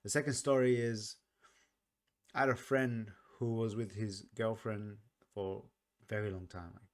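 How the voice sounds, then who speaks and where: Earnest, halting man with a lowish voice. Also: steady tone. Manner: earnest, reflective, soft-spoken; halting, restarts often. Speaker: music reaction vlogger. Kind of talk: casual song commentary.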